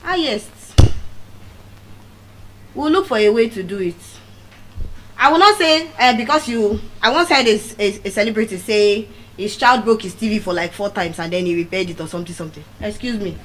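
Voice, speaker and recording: A middle-aged woman with a Nigerian accent, giving a motivational speech as animated storytelling and repeating key phrases for emphasis. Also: mid-range voice, moderate pace, slight background noise, rough recording. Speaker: motivational speaker. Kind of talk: public speech.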